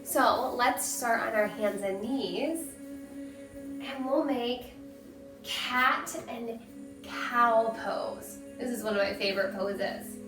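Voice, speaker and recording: A woman leads a family yoga session for children, speaking slowly and gently in a fairly high voice. She sounds a little distant in an echoey room, with clear music playing behind her. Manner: gentle, encouraging, slow instructions. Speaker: yoga instructor. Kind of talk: guided children's yoga lesson.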